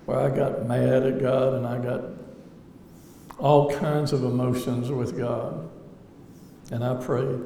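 A lay speaker gives an earnest, reflective personal testimony with touches of wry humor, addressing an audience in a large hall. His voice is medium-pitched and mellow. There's slight background noise, and the hall sounds echoey with faint ambience.

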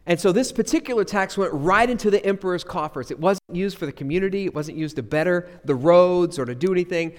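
Dynamic preacher in an echoey hall. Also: male voice, high-pitched, fast talker, few pauses. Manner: dynamic preaching, swings between loud emphasis and quiet asides. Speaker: pastor. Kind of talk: sermon. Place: church sanctuary.

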